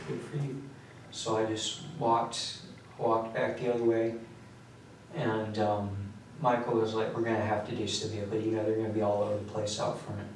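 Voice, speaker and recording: A young man in his late teens with a somewhat low voice tells his account in a halting, rambling way, sounding exhausted. He is recorded from far off in a bare, very echoey room. A faint hiss sits under the voice. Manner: rambling, halting, quiet recounting. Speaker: suspect under questioning. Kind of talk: recounting events in a police interview. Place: police interrogation room.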